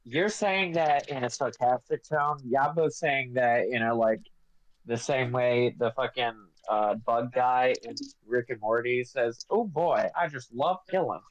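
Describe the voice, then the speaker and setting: Very deep-voiced woman at game night. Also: steady tone, a little slow, highs cut off. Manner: rambling, swears casually. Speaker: player. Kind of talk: casual tabletop game chat. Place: home.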